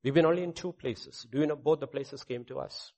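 This is a middle-aged man, a pastor, whose sermon weaves in his personal testimony as he shifts from loud proclamation to soft asides. He speaks briskly in a mid-range voice.

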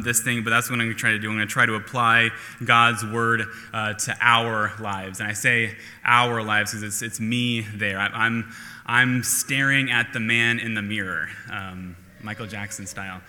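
A man's voice: mid-range voice, sharp tone, long reverb tail. A man preaching a sermon to his church in a casual, self-deprecating way, with many fillers and restarts. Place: church sanctuary.

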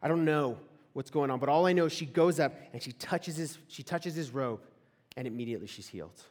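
A man's voice: fairly high pitch, brisk, darkish tone. A young man giving a casual storytelling sermon to a live audience, chatty and full of "like" fillers and questions to the room. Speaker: campus ministry speaker. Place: large hall before a live audience. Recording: echoey hall.

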